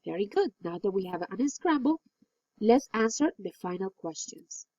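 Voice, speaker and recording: A woman teaching an English lesson, reading exercises slowly and clearly and praising answers. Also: medium pitch, big pitch swings, dark tone, no echo. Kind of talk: recorded classroom lesson. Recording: dull, lo-fi dry recording.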